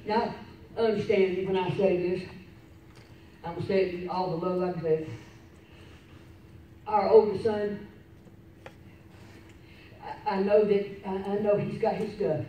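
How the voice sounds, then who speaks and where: A woman pastor preaching a sermon, fervent and swinging from loud exclamations to quiet storytelling. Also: medium pitch, steady tone, a little slow, long pauses, muffled recording. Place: church sanctuary. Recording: echoey church, distant mic, faint hiss.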